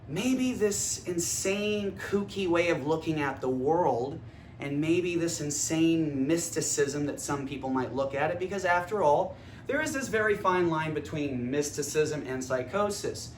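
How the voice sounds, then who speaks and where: A man talking into his phone in a room, an energetic and rambling vlogger who swears freely. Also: fairly high pitch, a little slow, echoey room, a little hiss or hum. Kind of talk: casual philosophical monologue. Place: indoor room.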